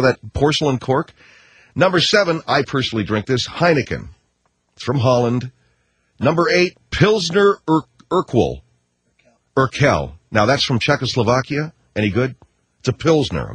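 Male radio host, husky, wisecracking, lively swings in pitch. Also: dry recording. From United States. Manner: rambling, wisecracking, animated storytelling. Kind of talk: casual radio talk.

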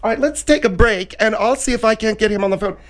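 A man voicing an excitable, nosy male radio journalist who pries with questions. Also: high-pitched, quick pace, voice pushed up, lightly acted. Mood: grumbling.

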